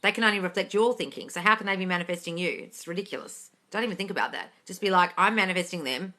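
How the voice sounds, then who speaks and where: A woman's voice: on the low side, quick pace, pushed and bright. A woman hosting a live question-and-answer stream as a coach, blunt and emphatic, swearing freely as she answers viewers. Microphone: phone or computer mic for a live stream.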